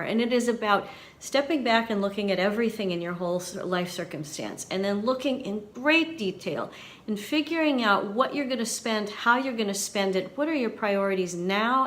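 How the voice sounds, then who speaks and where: A woman over fifty, a university teacher, hosts her own vlog, talking casually to viewers in a light soprano voice that is mid-range and a bit bright. Her manner is earnest and chatty.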